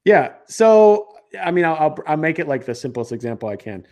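A man with a Chicago accent, a podcast guest, explaining things in a lively, rambling way with many restarts and fillers. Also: on the high side, normal speed. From Chicago area. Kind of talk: conversational interview explanation.

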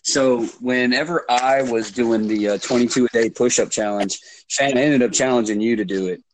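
A man's voice: medium pitch, normal speed, a little hiss or hum. A man in casual podcast chat, arguing his point and pushing to be heard out. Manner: argumentative, insisting on finishing his point. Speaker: podcast co-host.

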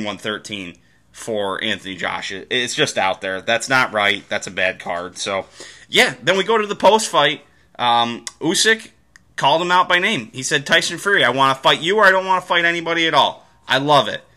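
A man's voice: medium pitch, bright, forceful tone. A man hosting a podcast, talking through fights in casual sports commentary, rambling with restarts and the odd swear. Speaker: podcast host.

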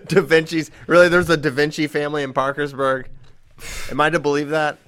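A man's voice: on the high side, fairly even intonation, brisk, a bit bright, clean tone. A man co-hosting a wrestling talk show in casual chat, full of teasing banter.

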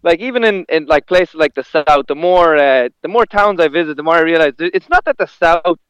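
Rambling comedian, clear and dry. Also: male voice, on the high side, animated, fairly quick, fairly bright tone, no room sound, lo-fi sound. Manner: rambling, with restarts and laughs. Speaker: stand-up comedian. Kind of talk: casual conversation.

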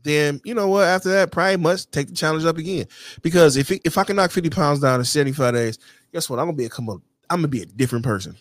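A man's voice: a little high, very fast, dry recording. A man hosting his own show, talking casually and bluntly to camera with heavy profanity and a constant "you know what I'm saying". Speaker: podcast host.

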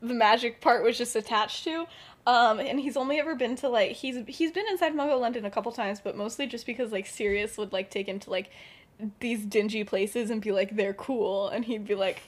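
A woman's voice: a little high, a little fast. A young woman hosting a podcast, rambling through a story in casual chat, giggling and saying "like" a lot. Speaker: podcast host.

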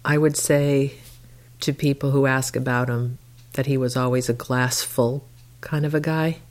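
Very low-voiced woman recalling her father. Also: steady tone, a little slow, a little mellow. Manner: fond, laughing often. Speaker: daughter remembering her father. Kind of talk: recorded interview.

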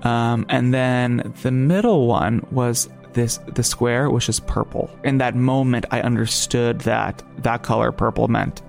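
A man with a New Jersey accent tells a story in a loose, rambling way, stopping and restarting often. His voice has a gravelly edge. Faint music plays underneath. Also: medium pitch, steady tone, unhurried, hardly any pauses, darkish tone. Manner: rambling, many fillers and restarts. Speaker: podcast guest. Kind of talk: casual storytelling.

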